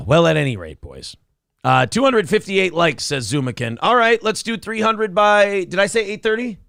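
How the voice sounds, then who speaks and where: A man's voice: high voice, very animated, normal speed, creaky, a bit bright, no room sound, clean studio sound. A man hosting a casual chat show, rambling and self-mocking with plenty of swearing. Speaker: host.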